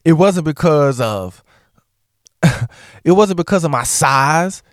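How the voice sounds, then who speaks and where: Talking slowly in a voice on the high side, a male vlogger addresses the camera casually, animated and joking while voicing blunt, outspoken opinions. The sound is clean studio audio with no room sound.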